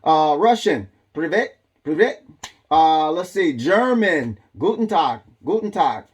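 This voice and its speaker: A man's voice: fairly high pitch, expressive, slow pace, slightly rough. A man hosting a survival channel. He talks in a loose, casual monologue with a drawl and lots of ums.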